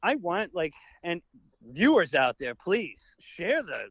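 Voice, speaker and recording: A man co-hosting a podcast, joking and bantering in an animated way that breaks into laughs. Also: high voice, takes it slowly, slightly rough, no echo, highs cut off. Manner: animated, jokey, laughs often. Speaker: podcast co-host. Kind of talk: casual banter.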